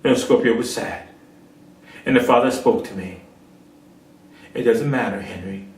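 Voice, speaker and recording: A man's voice: lowish voice, moderate pace. A man preaching a sermon, telling a parable and rising to emphatic peaks. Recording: echoey room, far from mic.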